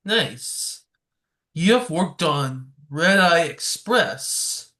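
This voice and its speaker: Slow-talking male podcast host. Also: on the high side, sing-song, sharp tone. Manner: unhurried, plain questions. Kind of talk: interview questions.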